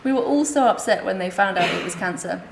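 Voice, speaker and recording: A woman speaking at a conference, reading her comic memoir aloud in a wry, deadpan way. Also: mid-range voice, quick pace, gravelly. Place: hospital conference room. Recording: echoey lecture room, faint hiss.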